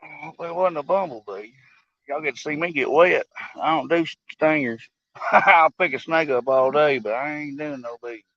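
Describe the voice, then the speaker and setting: A man's voice: on the high side, moderate pace, pushed and bright, dry recording, dull audio. A man hosting a fishing vlog, chatting casually in a laid-back, joking drawl. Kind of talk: casual chat.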